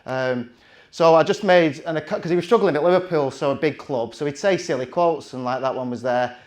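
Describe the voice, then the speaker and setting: A man's voice: on the high side, brisk. A man, telling a chatty, self-mocking story from the stage with plenty of restarts. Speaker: conference speaker.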